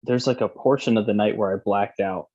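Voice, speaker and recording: A man's voice: lowish voice, fairly quick, dark tone, lo-fi sound. A young man casually telling a long, profane, rambling story as a podcast host.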